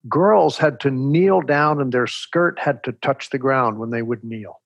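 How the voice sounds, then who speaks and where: Older husky guy from texas telling stories, dry close sound, medium pitch. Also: no room sound. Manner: measured, reflective, animated storyteller. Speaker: interview guest. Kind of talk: storytelling in conversation.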